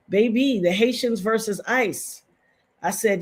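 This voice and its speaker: A woman's voice: medium pitch, slow, long pauses. Middle-aged woman ranting on a live stream, fired up, keeps repeating herself for emphasis. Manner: impassioned, emphatic and repetitive.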